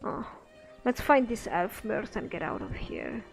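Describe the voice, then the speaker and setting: A woman's voice: medium pitch, wildly swooping pitch, a little slow. A woman musing aloud as she plays and comments on a game. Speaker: let's play host. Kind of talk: gameplay commentary. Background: faint game music.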